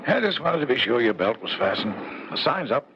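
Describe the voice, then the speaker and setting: An actor playing a middle-aged American general, a wry, bantering husband, in a 1970s radio drama. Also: male voice, medium pitch, big pitch swings, a little fast, close to an everyday voice. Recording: muffled old radio broadcast with hiss.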